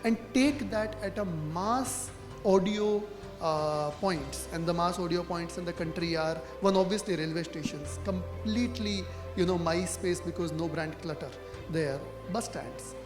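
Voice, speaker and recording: A man's voice: high voice, measured pace. A man with an Indian English accent speaking as a marketing panelist at a conference, talking in a conversational way with frequent tag questions. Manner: conversational, frequent fillers like "right?" and "you know". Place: conference hall. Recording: echoey hall with music.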